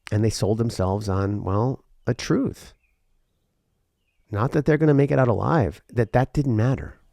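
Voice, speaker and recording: A male podcast host talking alone, earnest and rambling, with a lot of repeated words, going from intense to quiet and emotional. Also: fairly low pitch, expressive, unhurried, creaky, dry recording, studio quality. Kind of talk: reflective solo podcast monologue.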